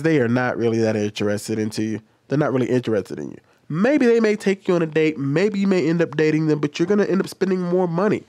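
A man talking casually to his viewers in a commentary video, full of personal stories and asides. His voice sits at an ordinary pitch and is recorded close and dry, with no room around it. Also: darkish tone, dry recording. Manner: chatty, storytelling, talks directly to viewers. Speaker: commentary host.

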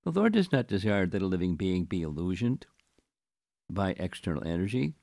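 Older man reading scripture, slow and deliberate. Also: low voice, big pitch swings, gravelly, mellow, no room sound, studio quality. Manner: slow, deliberate reading with chanted verse recitation. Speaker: spiritual teacher giving a scripture class. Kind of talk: scripture class, reading and commenting.

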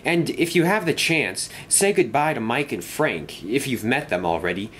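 A man's voice: mid-range voice, expressive, normal speed, fairly bright tone, a little hiss or hum, voice pushed up, close to an everyday voice. A man voicing an anxious, sentimental male steam engine who talks in a plaintive, fretful way. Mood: polite.

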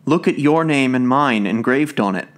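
A man's voice: medium pitch, expressive, moderate pace, close to an everyday voice. A man doing a young lady pleading in tears. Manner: pleading, tearful. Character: distressed young lady pleading with her parents.

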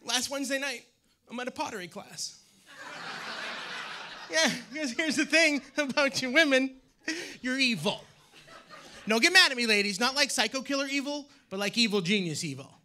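A man from Maine performing a loud, animated stand-up set on a theater stage. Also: very high-pitched, normal speed, pauses often. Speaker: stand-up comedian. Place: theater stage with live audience.

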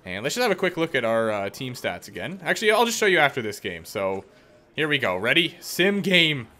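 Male let's-play commentator, bright and sharp tone, jokey play-by-play with sudden outbursts. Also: mid-range voice, sing-song, brisk. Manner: talks to himself and the game, teasing opponents. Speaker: gaming YouTuber.

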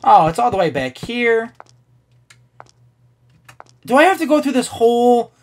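Lively, rambling man playing a game. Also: very high-pitched, a little slow. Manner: rambling, swears casually, laughs often. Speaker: let's play gamer. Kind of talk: casual gameplay commentary.

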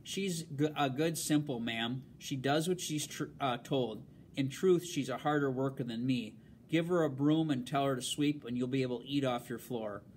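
A man's voice: mid-range voice, normal speed, darkish tone, slight background noise, close to an everyday voice. A man reading aloud and voicing an anxious young servant girl who speaks timidly and pleads. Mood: pleading.

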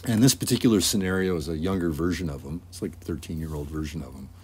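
A deep-voiced man walks through his animation storyboard in an easygoing, rambling manner. He pauses often with fillers while he describes each scene. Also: a little hiss or hum. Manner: relaxed, rambling, with many fillers. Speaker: animator and artist. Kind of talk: casual storyboard walkthrough.

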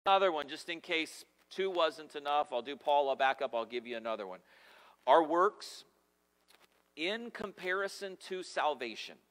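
A man's voice: a little high, lively intonation, normal speed, a bit bright. A man preaching a sermon as pastor, emphatic and conversational with humorous asides. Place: church sanctuary. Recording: long reverb of a church hall.

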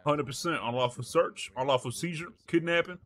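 A man's voice: on the high side, brisk, fairly bright tone. A man role-playing a defendant in a game courtroom, talking in loose street slang and laughing often. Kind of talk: casual role-play banter.

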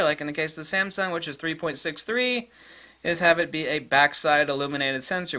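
Ranting about tech on his photography channel, a middle-aged man talks bluntly and emphatically, driving key points home by repeating them. His voice is medium-pitched, pushed and bright.

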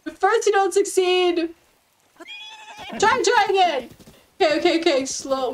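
A woman streaming a game, chatting casually and excitedly, giggling often and cooing softly at her in-game horse. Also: very high-pitched, a little slow, pauses often, a little hiss or hum, rough recording. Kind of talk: casual gameplay commentary.

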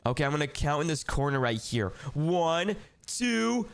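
A man giving excited video game commentary, talking to his viewers with panicky exclamations while playing a character. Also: on the high side, normal speed, creaky, clear, resonant tone, dry recording. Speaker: gamer and channel host.

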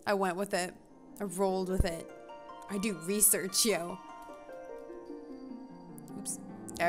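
A bubbly young woman chats through her gameplay, gushing and giggling as she goes. Her voice sits in an ordinary middle range. The tone stays casual and excitable. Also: mid-range voice. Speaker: gaming streamer. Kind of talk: casual let's-play commentary.

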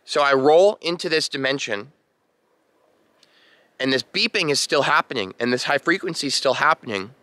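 Young male vlogger, animated storyteller, bright tone, dry mic. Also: mid-range voice, moderate pace, long pauses, no room sound. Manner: animated, imitates beeping sounds. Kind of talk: casual storytelling to camera.

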